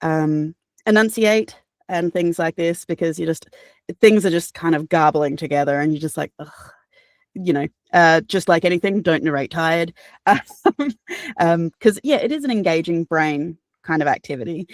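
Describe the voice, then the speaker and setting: Aussie woman chatting in an interview, bit low voice, thinks out loud with lots of ums, dry close sound. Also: normal speed, no room sound. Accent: Australian. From Australia. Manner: reflective, earnest, many fillers and restarts, occasional laughs. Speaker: guest, audiobook narrator and voice actor. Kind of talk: casual interview chat.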